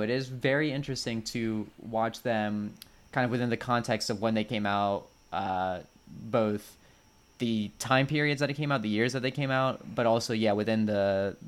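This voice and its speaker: A man co-hosting a casual film podcast, joking dryly and deadpan as he discusses movies. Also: fairly low pitch. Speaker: podcast co-host.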